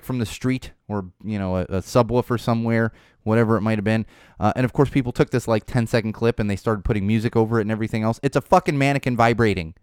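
A young man riffing on his podcast in a smooth, resonant voice. He rambles from topic to topic with a wry, animated manner and drops in casual swearing, recorded close and dry with no room sound. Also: medium pitch, no echo. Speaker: podcast host.

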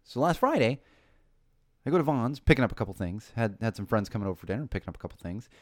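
Animated man on a dry mic. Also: mid-range voice, fast talker, dry recording. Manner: animated storytelling, rising to passionate emphasis. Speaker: podcast host. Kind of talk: casual chat.

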